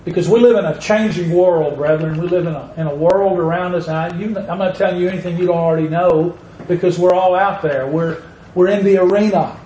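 A man's voice: high voice, steady tone, mellow, a little hiss or hum. A man preaching a sermon in a church, stretching out words and leaning hard on key phrases. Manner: slow, emphatic preaching with drawn-out words and rising stresses. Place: church sanctuary. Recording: echoey room with faint ambience.

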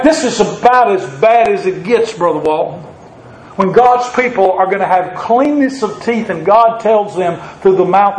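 A man preaching a sermon, reading scripture slowly and then asking the congregation questions with a joke or two. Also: high-pitched, darkish tone, roomy sound, a little hiss or hum, rough recording. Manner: reads scripture slowly, then jokes and asks the crowd questions.

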